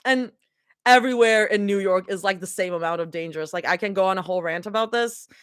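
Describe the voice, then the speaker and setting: A woman's voice: medium pitch, fast, a bit bright, clear, resonant tone, no room sound, studio quality. A woman doing a live reading of a fan story, breaking off for chatty, giggly asides. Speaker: livestream reader.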